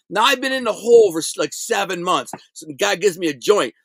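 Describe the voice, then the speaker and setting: A middle-aged man telling prison stories in a casual interview, animated and streetwise, full of slang and acted-out quotes. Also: high voice, fairly quick, gravelly, hardly any pauses, no room sound.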